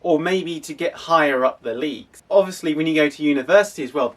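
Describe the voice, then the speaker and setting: Athletics coach, casual explainer, fairly high voice, a bit off-mic. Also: male voice, brisk, hardly any pauses, far from the mic. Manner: conversational, with frequent restarts. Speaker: athletics club coach and host.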